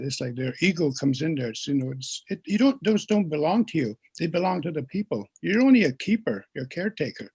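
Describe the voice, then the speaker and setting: A man speaking as a guest speaker, telling stories in a gentle teaching way and having listeners repeat words after him. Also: fairly high pitch, animated, brisk, husky. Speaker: guest speaker and pipe keeper. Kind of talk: storytelling teaching talk.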